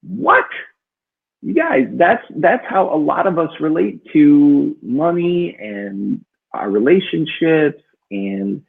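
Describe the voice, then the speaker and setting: A man's voice: a little high, takes it slowly, gravelly, slightly rough. A man co-hosting a book club chat, telling a rambling personal story with many fillers. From northern Minnesota. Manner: rambling, many fillers, lively when quoting himself. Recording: tinny phone-like audio.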